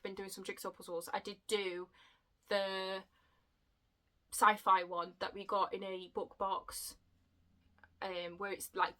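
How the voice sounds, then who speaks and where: Bright, chatty woman book vlogger. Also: medium pitch, rough recording. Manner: chatty and excitable, laughing at her own slips. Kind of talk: casual chat to camera.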